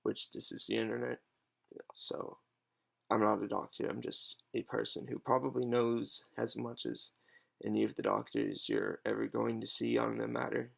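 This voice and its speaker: Young man, heavy vocal fry, husky voice, hesitant casual monologue, lots of pauses. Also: medium pitch, lively intonation. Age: 20s. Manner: halting, hesitant, many pauses and fillers. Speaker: patient advocate vlogger. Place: alone at home.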